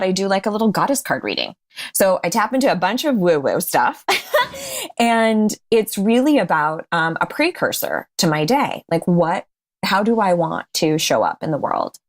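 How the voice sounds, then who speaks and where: A woman speaking as a podcast guest in casual interview chat, candid and laughing often. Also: lowish voice. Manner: candid, laughs often, restarts mid-sentence.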